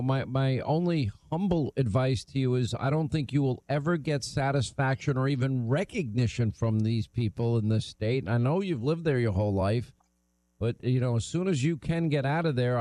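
A middle-aged man hosting a talk radio show, brisk and opinionated as he interviews a guest. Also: medium pitch, mellow, no echo, low-quality recording.

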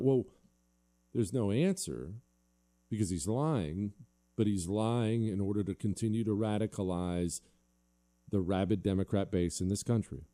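Man, talk show host, combative monologue, very dark low voice. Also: a little slow, long pauses. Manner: combative, sarcastic, emphatic.

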